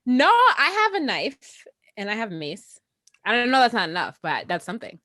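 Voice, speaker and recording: A woman co-host on a news talk show jumps in with short, quick remarks and agreement. Her pitch moves in lively swings. The recording is dry and close. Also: dry recording. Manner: quick agreeing interjections, laughs easily. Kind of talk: casual news talk chat.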